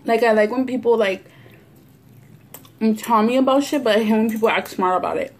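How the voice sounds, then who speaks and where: A woman's voice: on the high side, a little fast. A young woman with a Los Angeles Chicano English accent, telling a story in casual, profane chat as she eats on camera at home. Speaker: mukbang vlogger. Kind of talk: casual storytelling while eating. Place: home, near a window at sunset.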